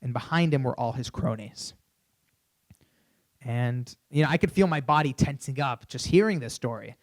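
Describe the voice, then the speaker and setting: A young man giving a keynote on a conference stage, telling an animated story through a stage microphone, with many "you know"s. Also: mid-range voice, normal speed. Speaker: keynote speaker.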